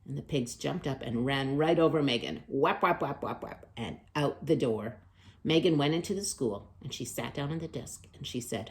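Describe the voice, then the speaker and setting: Reading a picture book to kids at storytime, a woman uses a very deep voice and a moderate pace. Her delivery is expressive, with loud calls alternating with quiet asides.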